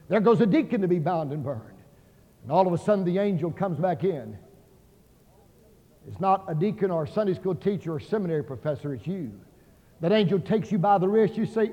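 A man preaching a revival sermon as an evangelist in a large auditorium, impassioned, acting out the voices in his stories and rising to near shouts. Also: high-pitched, animated, brisk. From Oklahoma. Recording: dull sound in a hall with long reverb.

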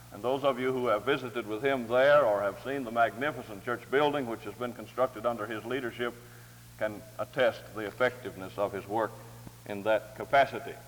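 A man reading scripture aloud and introducing a speaker, with a measured, formal, dignified delivery. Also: mid-range voice, fairly bright tone. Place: large hall or chapel. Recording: long hall reverb.

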